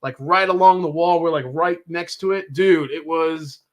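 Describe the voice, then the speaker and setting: A man's voice: on the high side, normal speed. A middle-aged man co-hosting a casual bourbon tasting, chatty and prone to restarts as he tells a story. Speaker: podcast co-host.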